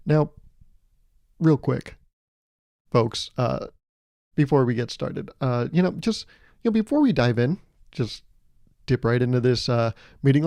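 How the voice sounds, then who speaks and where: A man's voice: medium pitch, expressive, unhurried, gravelly, long pauses, a little mellow, no echo, studio quality. A man hosting a podcast, rambling through a playful comedic monologue full of self-amused asides. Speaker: podcast host.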